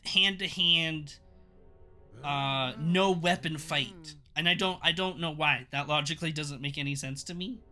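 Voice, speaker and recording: A man with a very bright, sharp voice chats casually through an episode recap on his stream. He pitches a bit high for a man and keeps the tone amused, with loose, rambling sentences. Faint music plays under him. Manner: rambling and amused, laughs at scenes, acts out quick quotes. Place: home streaming setup.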